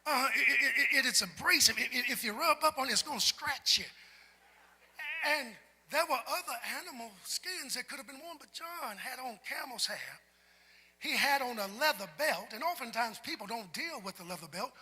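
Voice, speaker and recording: A man preaching a sermon as pastor, talking with the congregation and building up to shouts. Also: very high-pitched, lively intonation, normal speed, breathy edge. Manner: preacherly, call-and-response, climbs to shouts. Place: large church sanctuary. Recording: long hall reverb in a large sanctuary.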